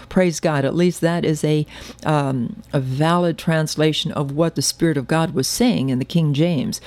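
A woman's voice: low-pitched, a little slow, a little mellow, no room sound. A woman giving a sermon-style Bible teaching, earnest and emphatic with wry asides.

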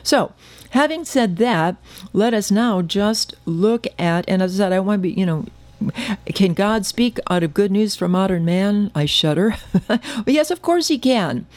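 A woman's voice: medium pitch, expressive, measured pace, darkish tone, dry recording. A woman giving a sermon-style Bible teaching, earnest and emphatic with wry asides.

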